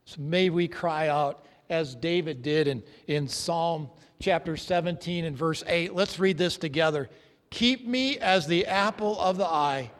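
High-voiced preacher in a reverberant hall. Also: male voice. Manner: earnest, emphatic preaching with dramatic drops to a hush. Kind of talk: sermon. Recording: long reverb of a large hall.

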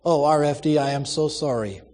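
A man's voice: fairly high pitch, moderate pace, darkish tone, in a large hall, natural voice. A man voicing an earnest, urgent young woman. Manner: urgent, persuasive, pleading.

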